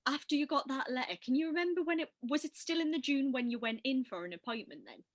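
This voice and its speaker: Woman host, chatty and lively, acts out quotes, slightly high voice. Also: fast. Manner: animated, acts out quotes in a higher voice. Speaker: podcast host. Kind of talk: casual chat.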